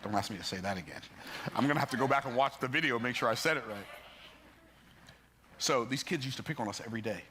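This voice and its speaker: A man telling life stories in an emphatic, preacher-like motivational talk, building up and jumping into sudden high bursts. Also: fast, pauses often, bright, forceful tone, a little hiss or hum. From United States. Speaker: motivational speaker.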